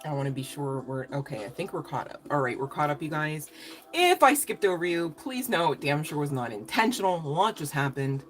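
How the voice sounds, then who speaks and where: With faint music behind her, a woman with a low, very animated voice gives a brisk live tarot reading. She keeps it casual and laughs a lot, swearing cheekily and slipping into slang.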